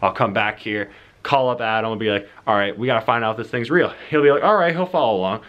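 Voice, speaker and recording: A man's voice: lowish voice, fast, lo-fi sound. A young man casually rambling as he lays out his film plot, full of fillers and restarts. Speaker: vlogger pitching his film idea.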